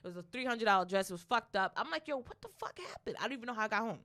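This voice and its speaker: A young adult woman co-hosting a podcast, telling a story in a casual, animated way, with plenty of profanity and laughter. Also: mid-range voice, racing. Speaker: podcast co-host.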